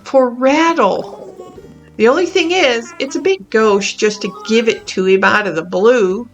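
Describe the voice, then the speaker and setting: A woman's voice: on the high side, measured pace, lo-fi sound, faint music behind. A woman reading out the lines of a chic, fashion-loving female animal villager from a life-sim game, in a sweet, coaxing, slightly prim way.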